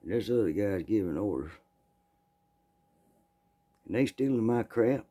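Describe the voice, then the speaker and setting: A man, telling a true story in a plainspoken, folksy way, often clearing his throat. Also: fairly low pitch, animated, unhurried, warm tone.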